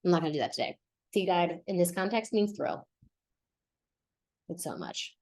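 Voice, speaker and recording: A woman's voice: fairly low pitch, normal speed. Chatty woman teaching Spanish. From United States. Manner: chatty, lively, laughs often, self-correcting. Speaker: Spanish teacher and podcast host. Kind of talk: casual podcast lesson.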